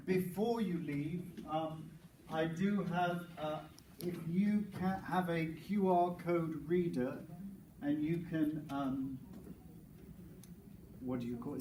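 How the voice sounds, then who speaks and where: A man presenting a teacher-training workshop, explaining ideas with many restarts and fillers, in a crowded room. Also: fairly high pitch. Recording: echoey room, distant mic, noisy.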